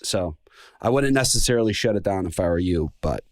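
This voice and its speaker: Brief: easygoing male host with a lowish voice, recorded dry and close, rambling with fillers. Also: expressive, brisk, no room sound. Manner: laid-back, many fillers. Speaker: podcast host. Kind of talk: casual chat.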